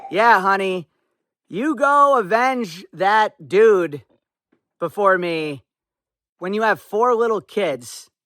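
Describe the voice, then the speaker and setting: Guy putting on a super agreeable husband voice, high and bright, dry sound. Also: animated, takes it slowly, no echo, full character voice. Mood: mock-indulgent. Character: imagined indulgent husband, adult man.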